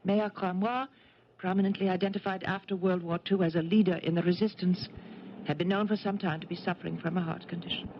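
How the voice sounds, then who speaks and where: An actress with a French accent playing a teasing, affectionate middle-aged wife who once fought in the resistance, in a 1970s radio drama. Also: female voice, on the low side, fairly even intonation, brisk, lightly acted. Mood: brisk. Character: French former resistance fighter wife, playful, older. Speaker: lead actress. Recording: lo-fi noisy 1970s radio broadcast.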